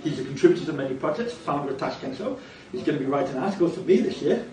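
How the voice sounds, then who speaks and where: A man's voice: on the high side, animated, rapid-fire, warm tone. A man speaking as a conference organiser in a talk, with wry, self-deprecating humour. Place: conference hall. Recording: echoey hall, distant mic, audience present.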